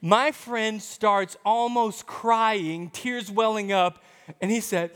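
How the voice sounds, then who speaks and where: A man pastor preaching a sermon, telling a story in an animated, emphatic way. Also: high-pitched, takes it slowly, smooth, big-room sound.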